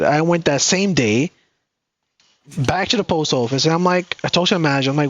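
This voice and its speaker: A man's voice: a little high, moderate pace, no room sound, lo-fi sound. A man co-hosting a podcast, telling a story in a casual way, cursing freely and acting out what other people said. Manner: animated, profane, acts out quoted people. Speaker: podcast co-host.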